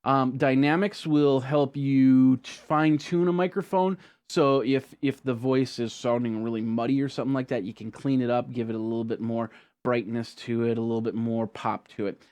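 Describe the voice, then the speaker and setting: Casual rambling man walking through software. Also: mid-range voice, steady tone, normal speed, clean tone. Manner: casual, rambling, frequent ums and restarts. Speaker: tech tutorial host. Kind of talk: screen-recorded software tutorial.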